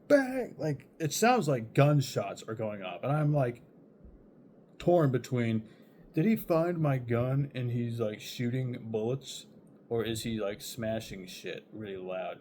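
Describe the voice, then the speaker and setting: A man's voice: mid-range voice, darkish tone, slight background noise. A young man telling a chaotic personal story in a loose, rambling way, swearing often and laughing between thoughts. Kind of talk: casual storytime.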